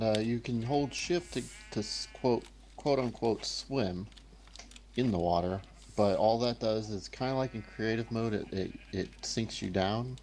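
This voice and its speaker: A man's voice: fairly low pitch, a little mellow, a little hiss or hum. A man explaining things helpfully while gaming with friends. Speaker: player. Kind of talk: casual gaming chat.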